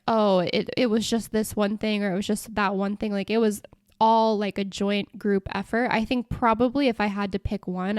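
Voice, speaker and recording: A young woman talks through her own podcast in a loose, chatty way. She comes across as enthusiastic and expressive, with frequent "like" fillers. Her voice sits in an ordinary middle pitch and sounds dry, with no room around it. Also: no room sound. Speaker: podcast host. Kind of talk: casual solo podcast talk.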